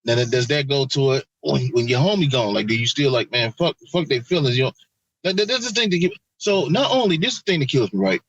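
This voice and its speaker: A man co-hosting a casual podcast chat, talking in an animated, profane way and acting out quotes. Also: medium pitch, quick pace, breathy edge, no echo, lo-fi sound. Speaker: podcast co-host.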